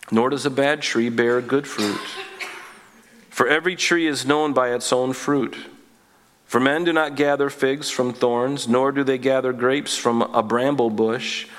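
Pastor preaching in a reverberant hall. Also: male voice, medium pitch, fairly bright tone. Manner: reads scripture then explains it, conversational asides. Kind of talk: expository sermon. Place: church sanctuary.

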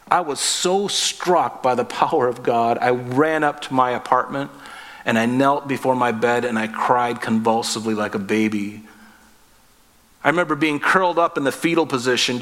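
A man's voice: mid-range voice, a bit bright. Earnest male pastor preaching in reverb. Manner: earnest, emphatic preaching with rhetorical questions. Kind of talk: sermon.

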